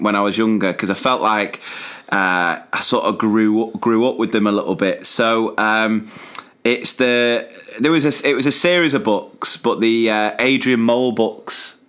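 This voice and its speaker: A man's voice: fairly low pitch, a little slow, fairly bright tone. A man co-hosting a podcast, talking casually in a rambling, easygoing way. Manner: rambling, with fillers and restarts. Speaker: podcast co-host. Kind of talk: casual chat.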